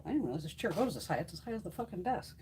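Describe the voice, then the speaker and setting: A woman hosting a casual beauty livestream, chatting with viewers, swearing freely and coaxing her cat in a high sing-song voice. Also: sing-song, racing, mellow, slight background noise.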